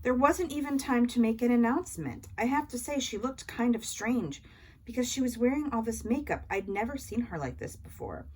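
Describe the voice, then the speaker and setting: A woman's voice: a little high, animated, moderate pace, a little mellow, breathy edge, pitched above the performer's own voice. Woman reading a flustered teenage girl. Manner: breathless and modest. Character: teenage girl actress, flustered after stepping in.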